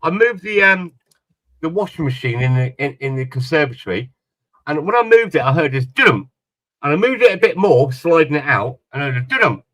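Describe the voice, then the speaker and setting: A man's voice: a little high, very animated, a little fast, a bit bright, dry recording, rough recording. A man telling a long story in casual chat on a panel, rambling and repeating his words. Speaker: panel guest.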